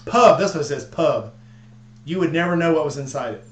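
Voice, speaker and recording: A man's voice: a little high, fairly quick. A man hosting a casual livestream chat, rambling and joking with friends. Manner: rambling, chatty, with frequent restarts and jokes. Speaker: livestream host. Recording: echoey room with faint hum.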